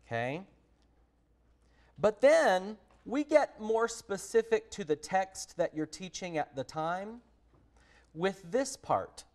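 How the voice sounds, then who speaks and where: Texan male teacher trainer, slightly high voice, friendly and direct with the room. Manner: friendly, direct, addresses listeners as a group. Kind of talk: professional development lesson.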